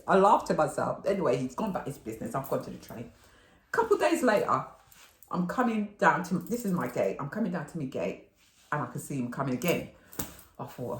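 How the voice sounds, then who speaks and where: A middle-aged woman spins rambling, animated stories in a casual haul video, swearing and laughing as she goes. Her voice sits on the lower side but swings widely in pitch. The room around her is roomy and echoey. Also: quick pace. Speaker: vlogger. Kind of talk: chatty storytelling haul video. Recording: roomy echo.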